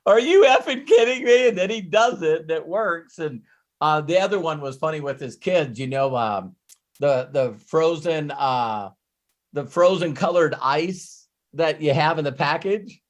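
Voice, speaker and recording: Animated storytelling man, slightly high voice. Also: measured pace. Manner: animated storyteller who laughs and acts out quotes. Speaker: host and business coach. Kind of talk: live coaching call.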